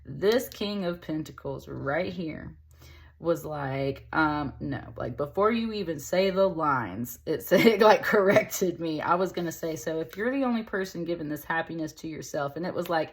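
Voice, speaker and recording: A woman's voice: low-pitched, lively intonation, normal speed. A woman giving a casual tarot reading to camera, chatty and upbeat, speaking straight to her viewers with fillers and endearments. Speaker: tarot reader.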